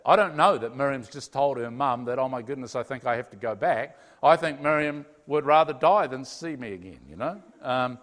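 A man telling a personal story to a live audience in an animated way, acting out both sides of the conversations. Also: mid-range voice, moderate pace, few pauses. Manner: animated storyteller, acts out his own and God's replies in dialogue. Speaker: speaker sharing a personal story. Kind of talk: testimony talk to a live audience. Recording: hall reverb.

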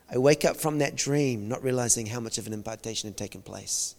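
A man preaching and telling a personal story, swinging between hushed near-whispers and loud bursts. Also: mid-range voice, steady tone, brisk, gravelly. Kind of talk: sermon storytelling. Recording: reverberant hall.

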